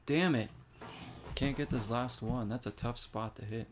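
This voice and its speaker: A man's voice: mid-range voice, unhurried, a little hiss or hum. Chatty man commentating his gameplay. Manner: chatty, reacts aloud to the game. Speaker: gaming streamer.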